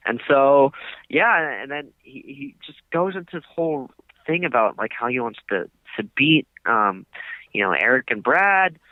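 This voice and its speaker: A man's voice: medium pitch, lively intonation, moderate pace, dry recording. A young man co-hosting a podcast, telling a long story in casual chat with many fillers, over a tinny phone line. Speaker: podcast co-host.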